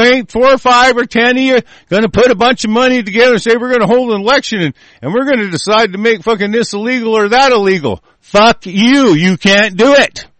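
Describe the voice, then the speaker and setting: A man's voice: sits high, fairly bright tone, no echo. A man delivering an angry, profane, combative rant as a monologue.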